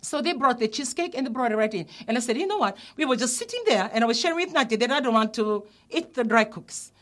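A woman pastor preaches in a high, light voice. She tells her testimony earnestly and rises into emphatic calls to her listeners. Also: lively intonation, quick pace, fairly bright tone. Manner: earnest storytelling, rising to emphatic exhortation. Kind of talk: testimony sermon.

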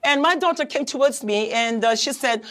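A woman's voice: sits high, moderate pace, a bit bright. Earnest woman preaching. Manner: earnest, pleading, repeats phrases, frequent hesitations. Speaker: pastor and prayer counselor. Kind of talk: heartfelt sermon.

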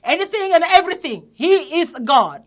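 Woman pastor, high voice, earnest testimony turning into emphatic preaching. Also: big pitch swings, brisk. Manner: earnest storytelling, rising to emphatic exhortation. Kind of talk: testimony sermon.

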